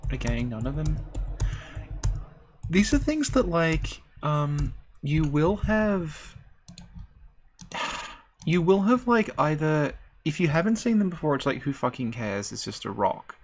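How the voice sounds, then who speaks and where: A woman's voice: sits low, big pitch swings, slow, long pauses, darkish tone, a little hiss or hum. Rambling woman streaming game lore. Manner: rambling, hesitant, many fillers. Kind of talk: casual stream chat about game lore.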